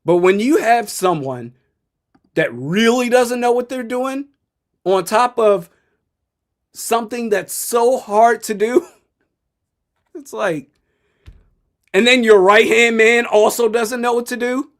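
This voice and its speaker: Young guy live-reacting to football, fairly high voice, slow unhurried talk, blunt takes. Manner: blunt, opinionated, chuckles often. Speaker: sports streamer. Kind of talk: live game commentary and reaction.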